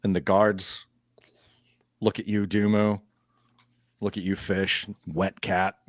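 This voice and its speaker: A man runs a tabletop game as game master, describing each scene at an unhurried pace. His voice sits very low. The sound is close and dry. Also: flat delivery, no echo. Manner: unhurried descriptive narration with fillers.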